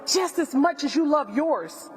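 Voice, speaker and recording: Middle-aged Southern woman, fairly high voice, impassioned speech at a podium, long hall reverb. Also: expressive, measured pace, a little mellow. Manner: emphatic, repeats phrases for effect. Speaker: family friend speaking at press conference.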